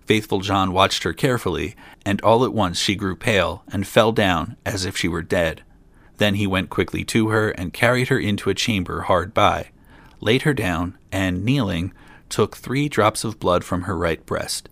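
A man reads an old fairy tale aloud in a plain manner, dropping in dry asides of his own. His voice is low-pitched and fairly bright with vocal fry, at a moderate pace, and there's no room sound.

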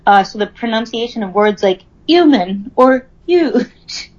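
A woman's voice: fairly high pitch, animated, a little slow, darkish tone, lo-fi sound. A woman co-hosting a casual chat, reading from notes, laughing often and stumbling over words. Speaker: podcast co-host.

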